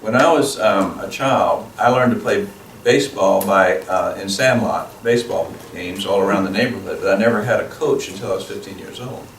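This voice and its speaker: A low-voiced man teaches at a parenting seminar in a plain, conversational way, slipping into short acted exchanges between parent and child. He sounds distant from the microphone, and the room gives his voice a strong echo. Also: moderate pace, few pauses. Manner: plain-spoken, acts out parent and child dialogue. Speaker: guest speaker at a parenting seminar. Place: school event room. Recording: echoey room, voice from far off, noisy.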